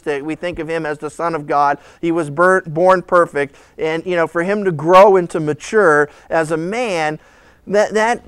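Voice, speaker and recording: A middle-aged male pastor teaching through a Bible passage in a sermon, telling the story in an animated way. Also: high-pitched, smooth, no room sound, clean studio sound. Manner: animated storytelling, acting out voices with laughs.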